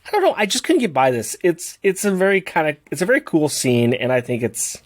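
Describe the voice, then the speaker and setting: A man's voice: on the high side, wildly swooping pitch, a little fast. A man co-hosting a casual comic book podcast, joking and teasing his partner and slipping into silly bits. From Oregon, USA. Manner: jokey, teasing, bursts into bits and silly voices. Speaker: podcast co-host.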